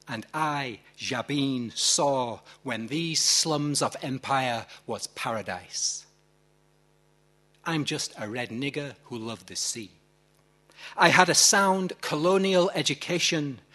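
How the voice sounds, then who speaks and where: A proud, wayward sailor-poet speaks of his islands in slow, weighty lines, as a Yorkshire-accented man reads him aloud. The voice is husky and unhurried, with a measured recitation. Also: fairly high pitch, bright, forceful tone, heavily acted. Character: rusty-headed mixed-race sailor-poet man. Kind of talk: poetry reading.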